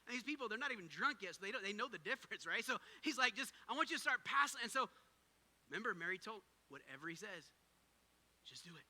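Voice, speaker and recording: A male pastor preaching a sermon, swinging between loud urging and quiet asides. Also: very high voice, lively intonation, fast talker, in a large hall.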